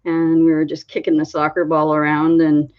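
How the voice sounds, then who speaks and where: A woman from Canada, hosting a crafting channel, chatting in a meandering way with a slight frog in her throat that she keeps clearing. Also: low-pitched, completely flat delivery, moderate pace. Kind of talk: casual rambling chat. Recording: dull lo-fi recording.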